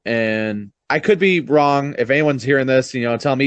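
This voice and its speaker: A young man co-hosting a podcast, telling animated stories and swearing casually. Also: mid-range voice, normal speed, few pauses, dry recording, muffled recording. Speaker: podcast co-host. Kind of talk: casual chat.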